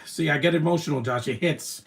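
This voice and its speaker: A man streaming his reaction to a movie, talking in an emotional, rambling way with many "man" tags and the odd loud taunt. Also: fairly high pitch, fairly quick, vocal fry. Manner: soft-spoken, with sudden loud taunting outbursts. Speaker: live streamer.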